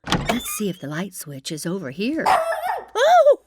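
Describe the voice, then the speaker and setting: Gentle, theatrical woman storyteller. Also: fairly low pitch, very animated, brisk, heavy background noise. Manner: gentle, theatrical and reassuring, with startled gasps. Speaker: storyteller host. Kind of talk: children's storytime narration.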